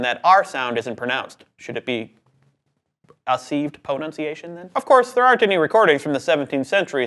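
A young man hosting an educational explainer, quick and playful with jokey asides. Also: mid-range voice, fairly bright tone. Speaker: host.

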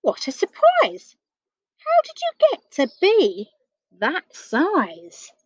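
A woman's voice: huge pitch swings, slow pace, no room sound, full character voice, low-quality recording. A woman doing a frightened little boy. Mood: astonished. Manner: high, fearful, wide-eyed. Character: small scared young boy.

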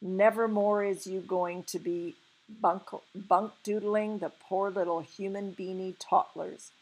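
A woman's voice: mid-range voice, fairly even intonation, slow pace, low-quality recording. A woman doing an agitated big friendly giant. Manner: mangled words, loud exclaiming. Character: big clumsy kind male giant, distressed.

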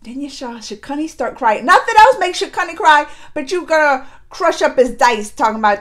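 A woman hosting a reaction video, recapping episodes in a lively, expressive way with frequent laughs and exclamations. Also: high voice, normal speed, hardly any pauses.

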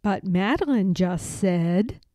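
A woman reads a rhyming children's picture book aloud, her rhythmic delivery slow and unhurried. Her voice is mellow and rather high, with a lively sing-song rise and fall. The recording is dry and close. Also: no echo, dull audio. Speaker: storybook reader.

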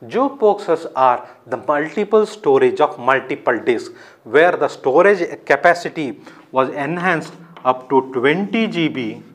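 A man giving a recorded lecture, explaining step by step, often asking his own questions and answering them. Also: a little high.

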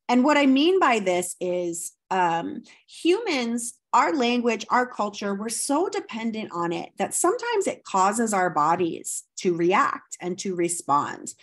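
A woman at a middle pitch, recording a slide lecture for an anthropology course. She explains step by step, leans on frequent ums and fillers, and keeps asking her listeners rhetorical questions.

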